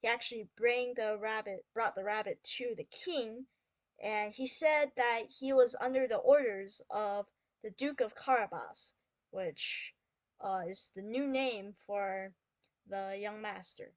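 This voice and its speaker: Female storyteller-teacher, unhurried, close and dry, patient read-aloud. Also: mid-range voice, dry recording. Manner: slow, clear, explains then reads aloud. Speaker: English teacher reading a story.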